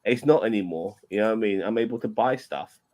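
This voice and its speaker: A man with a fairly low voice chats loosely on a stream. He rambles, stumbles over repeated words and swears freely. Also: fast talker, a little mellow. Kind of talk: casual chat.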